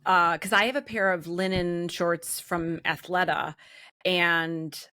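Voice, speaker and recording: A woman's voice: on the low side, fairly even intonation, slow, bright, forceful tone, no room sound. A woman from the Twin Cities in Minnesota, co-hosting a podcast and asking curious questions in casual chat. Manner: curious, chatty, with fillers.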